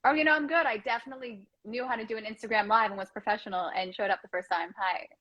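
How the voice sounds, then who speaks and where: A woman hosts a casual chat in a bubbly, self-mocking way. Her voice sits a little high. The sound is dry and close. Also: steady tone, fast talker, a bit bright, dry recording, lo-fi sound. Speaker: host.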